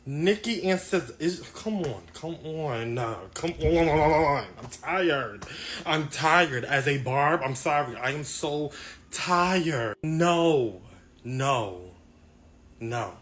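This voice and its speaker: Man, casual reaction vlog, exasperated and rambling, somewhat high voice. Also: animated, slow pace, slight background noise. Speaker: commentator reacting to celebrity news.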